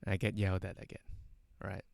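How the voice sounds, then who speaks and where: A man's voice: low-pitched, monotone, a little fast, vocal fry, a little mellow, no echo. A man telling a casual anecdote, rambling with many fillers and tag questions. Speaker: storyteller.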